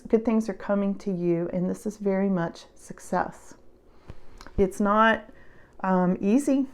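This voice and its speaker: A woman giving a casual tarot reading to her viewers, chatty and reassuring, laughing often and getting animated when stirred up. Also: medium pitch. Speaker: tarot reader.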